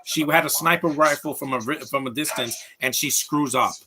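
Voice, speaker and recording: A man's voice: a little high, normal speed, pushed and bright. A man giving live commentary over a film, opinionated and rambling, often restarting his sentences as he rants.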